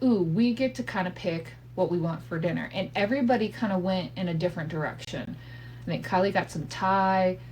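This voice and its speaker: A woman's voice: fairly low pitch, a little mellow, poor audio. A woman in her thirties hosting a podcast, telling a family story in a candid, profane way with asides and laughs. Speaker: podcast host. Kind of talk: casual storytelling monologue. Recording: faint hum from a home setup.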